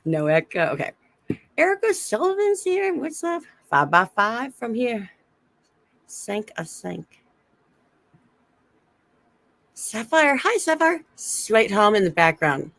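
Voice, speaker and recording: A woman's voice: a little high, very animated, measured pace, gravelly, a bit bright, no room sound. Giggly woman with a slight lisp. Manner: giggly, chatty with chat readers. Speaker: live stream co-host. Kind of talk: casual live stream chat. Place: Airbnb room. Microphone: phone.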